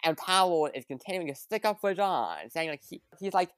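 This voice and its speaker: A woman casually recapping a movie plot for a podcast, with lively quoted asides. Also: fairly low pitch, moderate pace, dry recording. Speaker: podcast guest.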